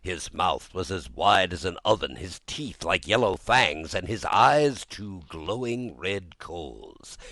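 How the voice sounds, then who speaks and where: A man giving an expressive, dramatic audiobook narration of a children's story. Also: deep voice, no echo.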